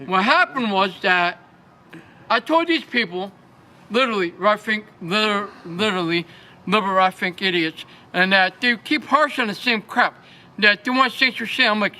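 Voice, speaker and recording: A man from Schenectady, New York, giving an agitated, repetitive rant in a street interview at city hall, sometimes rising to shouts. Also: sits high, normal speed.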